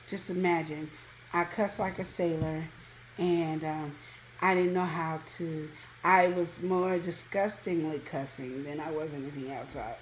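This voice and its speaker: Woman, fired up storytelling, jumps way high when quoting people, little hiss behind. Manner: animated, acts out quotes with big pitch jumps. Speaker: co-host. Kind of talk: casual storytelling chat.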